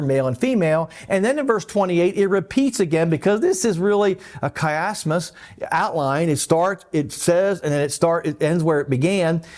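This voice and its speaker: A man teaching a Bible lesson as pastor, explaining and animated, with light asides. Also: a little high. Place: church.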